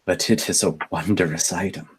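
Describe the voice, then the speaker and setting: A man's voice: deep voice, fairly even intonation, moderate pace. A man voicing a gracious, persuasive madam who hosts paying guests, speaking courteously in a tabletop game. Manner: smooth, courteous, persuasive host talk. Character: gracious female madam of a house.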